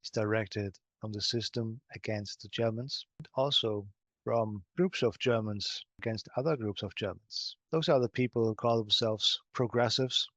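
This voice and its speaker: Man speaking slowly in trance, dry sound. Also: medium pitch, no room sound. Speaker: hypnosis session client. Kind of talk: speaking in trance, answering questions.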